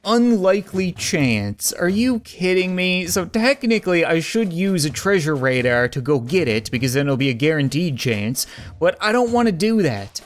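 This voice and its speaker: A man's voice: fairly high pitch, very animated, normal speed. A man hosting a let's play, giving casual, joking, rambling gameplay commentary. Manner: joking, rambling, self-mocking.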